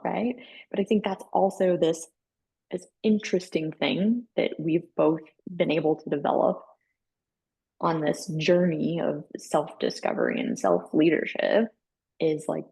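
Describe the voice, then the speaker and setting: A woman's voice: deep voice, creaky, mellow, husky. A woman co-hosting a podcast in casual chat, candid and swearing freely as she tells stories with acted-out dialogue. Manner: storytelling, acts out quoted dialogue. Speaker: podcast co-host.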